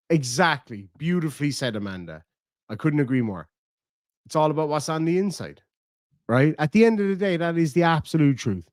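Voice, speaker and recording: A man's voice: fairly high pitch, no echo, studio quality. A man with an Irish accent chatting casually on a live stream, crude and joking. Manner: crude, joking, insults freely.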